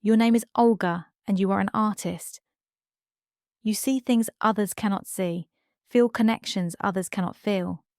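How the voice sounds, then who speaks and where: A woman voicing a mysterious, ageless man who speaks quietly and patiently in a dry, close storybook reading. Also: sits high, steady tone, a little slow, no echo. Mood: calm, solemn.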